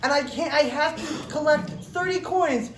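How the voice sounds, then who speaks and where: A woman's voice: sits high, a little slow, background noise. A woman voicing a frightened, hungry little boy pleading that he cannot go home, heard from far off in a roomy hall. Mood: scared pleading. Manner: pleading, fearful.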